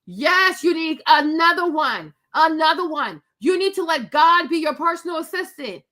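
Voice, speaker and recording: A middle-aged woman vlogger tells her viewers a story in casual chat, her voice extremely high-pitched and moving at a moderate pace. She's animated and sassy, laughing often and acting out quotes.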